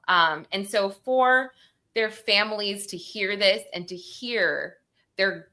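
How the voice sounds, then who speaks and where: A woman's voice: mid-range voice, slow pace, sharp tone. A woman recapping a court hearing in emotional casual talk, rambling, quoting people, tearful and close to crying. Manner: rambling, quotes people in acted voices.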